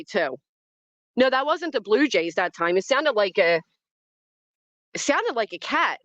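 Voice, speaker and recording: A woman's voice: medium pitch, fairly bright tone, dry recording. A woman hosts a casual livestream from outside, talking straight to her chat. Her reactions are dramatic and easily startled. The sound is dry and a little muffled. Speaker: livestream host. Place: outdoors in a yard by trees.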